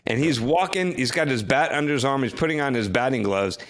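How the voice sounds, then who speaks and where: A middle-aged man from New Jersey, co-hosting a podcast and telling a story in casual chat. He is animated and keeps restarting his sentences. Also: mid-range voice, fairly quick. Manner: animated storyteller who acts out quoted lines, with frequent restarts. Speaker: podcast co-host.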